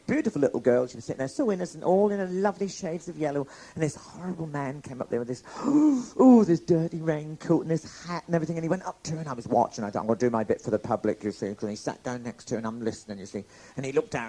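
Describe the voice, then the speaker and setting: Camp, mock-prim drag comic. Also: male voice, on the high side, lively intonation, fast, few pauses, warm tone. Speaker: drag comedy performer. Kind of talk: bawdy live stand-up patter. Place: pub stage, live audience. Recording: 1980s live pub recording with music.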